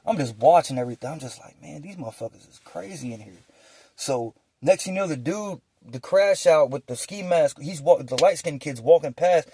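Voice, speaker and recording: A man's voice: fairly high pitch, brisk, slightly rough, no room sound. A young man telling a story from his prison days in casual street slang, acting out the voices of the people in it. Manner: animated street slang, acts out quoted voices.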